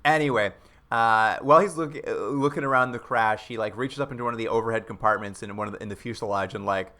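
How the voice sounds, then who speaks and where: A man's voice: fairly low pitch, quick pace, pushed and bright. A man casually recapping a TV episode with a co-host, rambling and joking, acting out quotes in playful voices. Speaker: podcast co-host.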